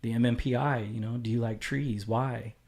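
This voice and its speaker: Podcast guest, male, mid-pitched voice, candid and profane, acts out the voices of people in his story. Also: steady tone, normal speed, a little mellow. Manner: candid and profane, acting out quoted dialogue. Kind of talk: casual storytelling chat.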